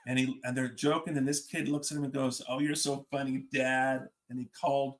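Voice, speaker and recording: A man's voice: medium pitch, little pitch movement, fairly quick. A middle-aged man, a fire service leader, telling a story on a podcast and acting out the dialogue as he goes.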